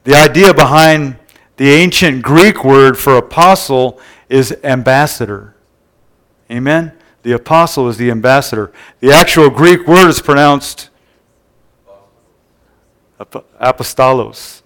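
Conversational preacher with a smooth voice. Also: male voice, medium pitch, unhurried, long pauses, fairly bright tone. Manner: conversational, keeps asking the room "Amen?". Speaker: pastor. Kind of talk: sermon. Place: church service before a congregation.

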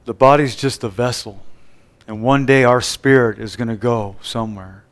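A male preacher with a smooth, clear voice delivers a sermon at a middle pitch. He retells scripture scenes, acting out the quoted lines and tossing call-and-response checks to his listeners. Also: moderate pace.

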